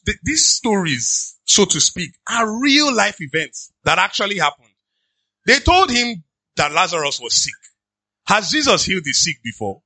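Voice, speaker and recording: A pastor with a Nigerian accent preaching in an animated, conversational way, slipping into pidgin asides. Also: male voice, on the high side, no echo. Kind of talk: sermon.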